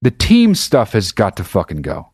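A man rants to his listeners in a casual monologue, swearing freely and hammering his points home. His voice sits low, and the recording is dry with no room sound. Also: normal speed, breathy edge, no echo. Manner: profane, emphatic, animated. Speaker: podcast host.

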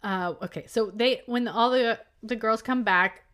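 A woman's voice: a little high, measured pace, a bit bright, clear, resonant tone. A woman co-hosting a podcast, recapping a book in a chatty way, with frequent "like"s and laughter. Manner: chatty recap, laughs often, says "like" a lot. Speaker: podcast co-host. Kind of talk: casual book discussion.

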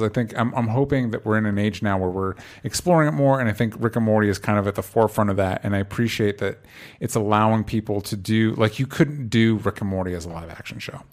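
A man's voice: fairly low pitch, a little mellow. A young man co-hosting a podcast in an easygoing, agreeable way, chatting casually. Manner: easygoing, agreeable, lots of yeahs. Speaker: podcast co-host. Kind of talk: casual chat.

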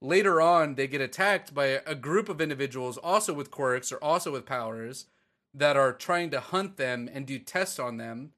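A man in casual podcast chat, excitedly and profanely retelling a story to his co-host. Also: medium pitch, moderate pace.

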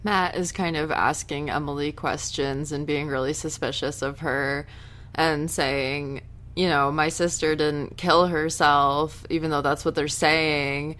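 A woman with a slightly low voice chats through a casual TV episode recap. Her delivery is animated and talkative, and she sometimes breaks into loud, indignant outbursts. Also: unhurried. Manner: chatty, animated, bursts into loud outrage. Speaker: TV recap host.

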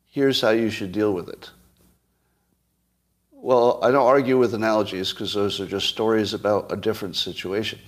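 Blunt sarcastic man hosting a monologue. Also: lowish voice. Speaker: host. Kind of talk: solo commentary monologue.

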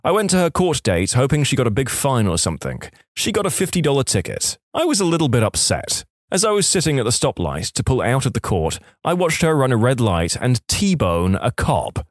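A man narrating reader-submitted stories as a podcast host, in lively scripted storytelling with asides to the listener. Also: medium pitch, dry recording, clean studio sound.

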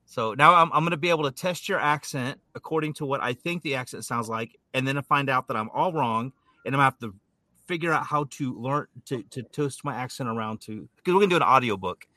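A man co-hosts a casual podcast with a bright, forward voice, recorded dry and close. He jokes easily and stumbles over his words as he talks. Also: medium pitch, fast, dry recording. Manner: joking, chatty, trips over his words. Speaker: podcast co-host. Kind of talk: casual chat.

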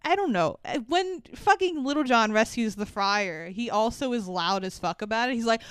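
A woman's voice: fairly high pitch, expressive, moderate pace, few pauses, clear, resonant tone, no echo. A woman co-hosting a podcast, casually recapping a movie, laughing often and swearing while acting out bits in quotes. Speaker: podcast co-host.

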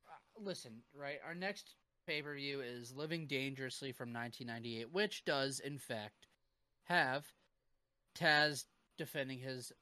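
A man's voice: mid-range voice, measured pace, bright, forceful tone, no room sound. A man co-hosting a podcast, chatting casually and going through upcoming details in an upbeat way. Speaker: podcast co-host. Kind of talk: casual chat.

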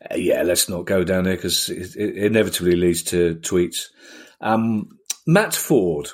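A man's voice: sits low, level tone, moderate pace. A man co-hosting a football podcast, chatting casually and jokingly reading out listener questions. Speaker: podcast co-host. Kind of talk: casual chat.

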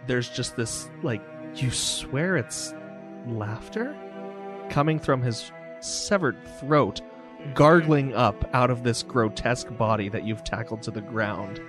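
Slow, vivid game-master narration, man. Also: mid-range voice, music in the background. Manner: vivid, descriptive, loose with fillers.

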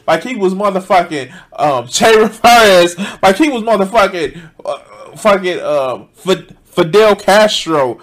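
High-voiced man mocking a video. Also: expressive, unhurried, few pauses, a bit bright. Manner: swears heavily, laughs often, mocking. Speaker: streamer reacting to a video. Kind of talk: profane live reaction commentary.

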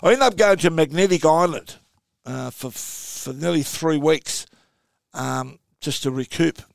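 A gravelly Australian man in his sixties tells long, wandering stories as a podcast guest. His slightly raised voice is peppered with fillers and asides. It sounds dry and close. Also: on the high side, unhurried, dry recording. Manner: rambling anecdotal storyteller, many fillers. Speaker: guest, former footballer. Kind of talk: casual podcast chat.

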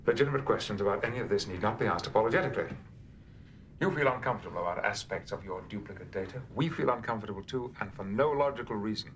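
An actor playing a calm, formal starship captain who speaks in a measured way. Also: male voice, on the low side, husky.

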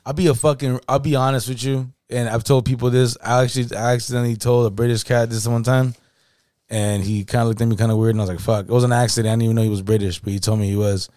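A man with Bay in casual podcast chat, animated and swearing freely. His pitch sits in the middle range. The sound is dry and close to the mic. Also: quick pace, no echo. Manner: animated, swearing, repeats "you know what I mean". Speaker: podcast co-host.

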